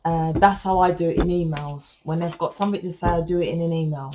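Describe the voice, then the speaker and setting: A woman talks straight to her viewers as a tarot reader. Her voice sits a little low, and she is loud, rambling and quick to correct herself. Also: fairly even intonation, noisy background. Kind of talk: casual spiritual monologue to viewers.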